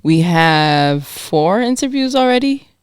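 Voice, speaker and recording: A woman co-hosting a podcast in casual chat, candid and animated, laughing often. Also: lowish voice, slow pace, clear, resonant tone. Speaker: podcast co-host.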